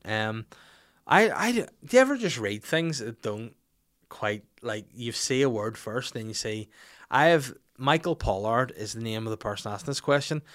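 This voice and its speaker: A man in his thirties hosts a podcast, chatting casually into a studio mic. His talk is blunt and jokey, full of swearing, at an ordinary middle pitch. He reads listener questions and answers them off the cuff. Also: big pitch swings, moderate pace, a bit bright. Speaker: podcast host.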